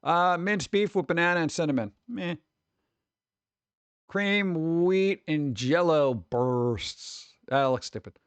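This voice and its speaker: A man's voice: on the high side, slow, clear, resonant tone, dry recording. A man from New York streaming casually, reacting to chat with sarcastic, mumbled asides.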